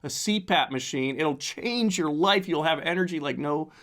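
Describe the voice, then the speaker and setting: A fifty-year-old man hosts a casual solo podcast from home at a desk mic, his voice hoarse and cracking with the flu. He speaks fairly high at a moderate pace, his pitch lively and swooping, and rambles with plenty of restarts.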